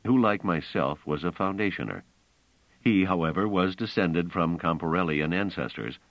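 A man voicing a persistent, probing man who questions in a measured way. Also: low voice, vocal fry, no echo, full character voice. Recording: slightly dull, dry audiobook recording.

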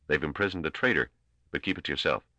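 A man voicing a gruff, blunt, seasoned male space trader. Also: rumbling low, fast, bright, forceful tone, no echo, dull audio, exaggerated voice.

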